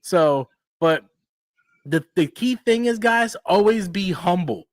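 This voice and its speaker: A man's voice: sits high, lively intonation, takes it slowly, dry recording. A man in his forties hosting a casual live stream, ranting animatedly and swearing freely. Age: 40s.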